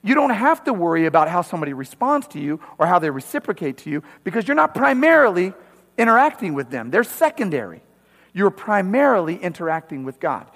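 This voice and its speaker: A male pastor delivers an animated sermon with a notably high-pitched voice. He talks emphatically and keeps asking the congregation questions. His voice rings out with a long reverb from the sanctuary. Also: brisk.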